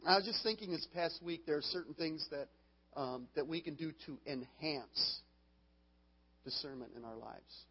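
Pastor guy preaching, kinda husky, laughs at his own stories, echoey muffled church recording. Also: a little high, normal speed. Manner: earnest, breaks into laughter, restarts phrases. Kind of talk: sermon. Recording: long hall reverb, dull lo-fi sound.

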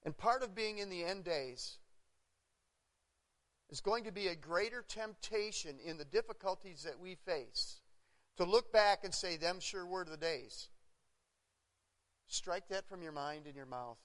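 A middle-aged man with a fairly high voice preaches in earnest to his congregation. He leans on repetition and sharp emphasis. His words ring with the long reverb of a church sanctuary. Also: expressive, measured pace. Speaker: pastor. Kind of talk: sermon.

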